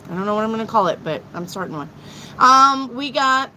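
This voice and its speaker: A middle-aged woman reading tarot on a live stream, blunt and excitable, swearing freely as she talks to her chat. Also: a little high, a little fast, slight background noise, rough recording. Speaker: tarot reader.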